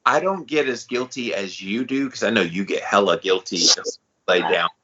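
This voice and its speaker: A man co-hosting a podcast, talking in a loose, slangy, animated way. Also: on the low side, moderate pace, highs cut off, noisy background. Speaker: podcast co-host. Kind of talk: casual chat.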